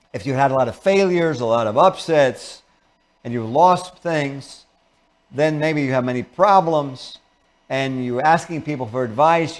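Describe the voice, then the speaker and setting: A man hosting a talk show, giving an earnest, animated motivational lecture and acting out examples. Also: fairly high pitch. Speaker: host and lecturer.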